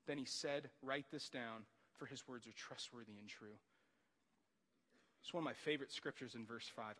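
A man in his thirties preaching a sermon, animated and jokey, often rising into loud excited outbursts. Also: a little high, a little fast. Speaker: pastor. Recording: long hall reverb.

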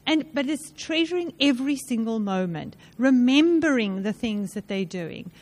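A woman's voice: on the high side, lively intonation, normal speed. A woman speaking during a sermon, sharing personal stories in a chatty way.

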